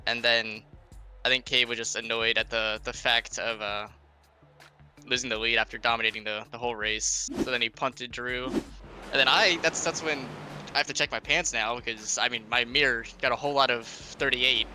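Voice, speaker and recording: A man, a sim racing driver, recounts his winning race in a relaxed, rambling way during a post-race interview. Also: mid-range voice, normal speed, music in the background.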